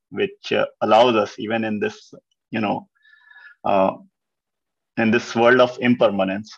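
Low, gravelly man on a dull call line. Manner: earnest, grateful, halting with fillers. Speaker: host of the gathering. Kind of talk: closing remarks on a call. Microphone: call audio.

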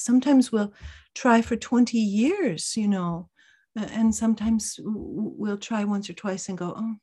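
Woman workshop teacher; gentle, reflective, often whispering; warm, mellow tone. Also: a little high, breathy edge. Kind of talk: answering questions in a live teaching session.

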